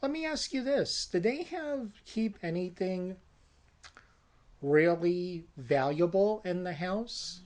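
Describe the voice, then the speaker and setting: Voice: medium pitch, expressive, slow pace, darkish tone. A storyteller voicing a desperate adult brother who pushes a risky plan, talking in a pushy, persuasive way. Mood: scheming. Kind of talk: casual spoken movie pitch.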